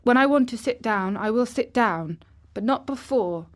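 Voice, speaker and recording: A woman's voice: fairly high pitch, animated, moderate pace, voice pushed up, lightly acted. A woman voicing a proud young boy who speaks grandly and gives orders. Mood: commanding. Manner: grand, commanding. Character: proud sickly boy standing at last.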